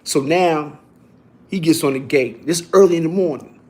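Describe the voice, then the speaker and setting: A man telling a story casually, in animated and profane street talk that keeps restarting and repeating itself. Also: a little high, normal speed.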